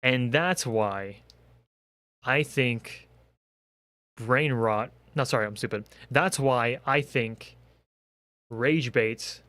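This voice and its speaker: A man's voice: medium pitch, drawn-out words, pauses often, a bit bright, no echo. A young man in a comedic rant, exasperated and profane, firing off rhetorical questions. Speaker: commentary creator.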